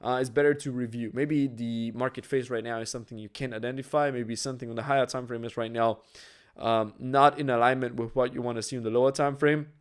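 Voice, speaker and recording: A man's voice: mid-range voice, steady tone, fast talker, clean tone. Casual trader guy, lots of "right?". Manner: conversational, frequent "right?" tags and fillers. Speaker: trading educator. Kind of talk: casual explanatory talk to camera.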